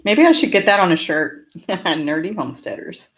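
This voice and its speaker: A woman from California with a slight rural twang, hosting a casual live-stream Q&A and answering chat in a chatty, upbeat way with frequent laughs. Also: on the low side. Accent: slight rural American twang. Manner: chatty and upbeat, laughs often between remarks. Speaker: homesteading channel host.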